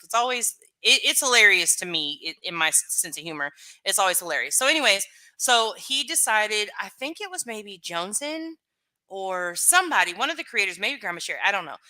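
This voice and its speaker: A woman's voice: mid-range voice, sharp tone. A woman live streamer chatting casually with her viewers, rambling and full of fillers.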